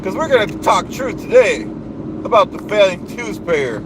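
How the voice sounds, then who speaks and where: A man's voice: very animated, moderate pace. A man voicing a boastful, self-important male streamer who rants grandly, recorded in a car with road noise. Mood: bombastic. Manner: grandiose, shouting rants with sudden pitch leaps. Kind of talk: live stream parody rant.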